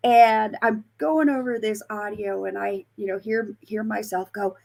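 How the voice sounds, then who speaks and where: A woman's voice: medium pitch, steady tone, moderate pace, gravelly, few pauses, darkish tone. A woman from Colorado, a paranormal investigator, chatting as a guest with many fillers and restarts. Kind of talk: casual storytelling interview.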